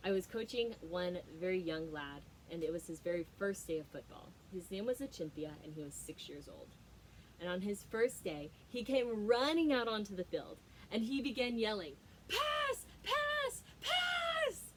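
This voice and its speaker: A woman's voice: on the low side, lively intonation, moderate pace, slight background noise, poor audio. A young adult woman, a leadership trainer, giving an emphatic motivational talk with stories and frequent fillers.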